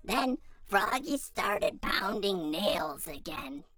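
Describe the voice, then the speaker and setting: A woman reading a children's picture book aloud in a hushed, half-whispered voice. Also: mid-range voice, lively intonation, slow, creaky, heavy background noise. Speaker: storyteller.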